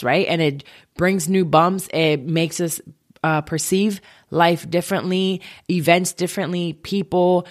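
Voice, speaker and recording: A woman in her thirties candidly telling a personal story, halting and emotional as she recounts it. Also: lowish voice. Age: 30s.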